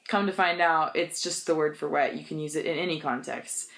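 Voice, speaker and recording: A young woman with a slightly low voice tells funny stories in a casual vlog. She is chatty and animated, and she laughs often. English is her first language. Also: a little fast, few pauses. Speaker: vlogger.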